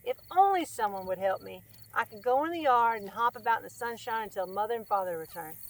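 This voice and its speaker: A woman voicing a tiny young male frog who is tearful and keeps pleading for help, in a high whiny voice. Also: lively intonation, brisk. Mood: sobbing.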